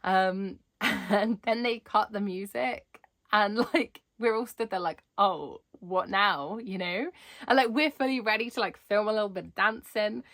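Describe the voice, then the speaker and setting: A woman's voice: medium pitch, normal speed. A young adult woman chatting in a vlog, bubbly and rambling, laughing often as she talks. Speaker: Disney vlogger.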